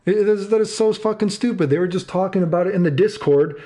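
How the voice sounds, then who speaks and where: A man's voice: high voice, quick pace, dark tone. A man in his thirties streaming live, ranting angrily and swearing, repeating himself and answering chat. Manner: angry, profane, repeats himself.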